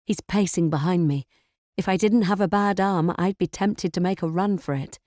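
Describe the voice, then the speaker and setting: A woman narrating a thriller audiobook in first person, tense and measured. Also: lowish voice, a little mellow, no echo, clean studio sound.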